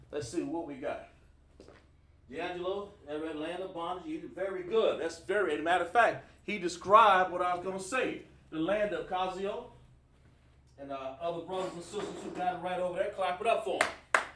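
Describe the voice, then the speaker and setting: A high-pitched man leads a livestreamed scripture class. He speaks emphatically and keeps quizzing his online audience. His voice sounds roomy and picked up from some distance. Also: moderate pace, a bit bright. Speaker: teacher.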